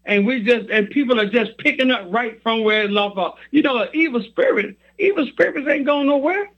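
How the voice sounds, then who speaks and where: A man's voice: very high-pitched, expressive, brisk, lo-fi sound. A man preaching a sermon, reading scripture and repeating his points with emphasis.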